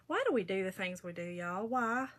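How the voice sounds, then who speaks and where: A woman's voice: medium pitch, expressive, normal speed, a bit bright. A middle-aged woman hosting a casual crafting livestream, chatting in a folksy way and reading out viewer comments.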